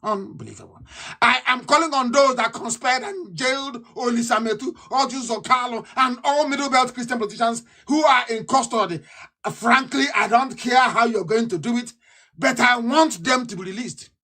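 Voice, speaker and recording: Nigerian man, political broadcaster, impassioned and combative, sharp bright tone, repeats his points. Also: normal speed. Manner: fiery, ranting, repeats himself, swings from loud outbursts to low mutters. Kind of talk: impassioned live broadcast speech.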